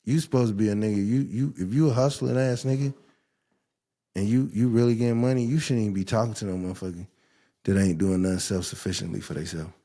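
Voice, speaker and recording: Low, dark-voiced man in profane rant. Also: fast talker. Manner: animated, profane storytelling with mocking rants. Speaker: podcast host. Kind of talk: casual chat.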